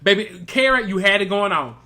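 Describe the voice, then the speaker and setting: A man's voice: high voice, animated, brisk, pushed and bright. A man from Mississippi, hosting a casual, gossipy reality TV recap and calling listeners baby and girl. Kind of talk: casual review commentary.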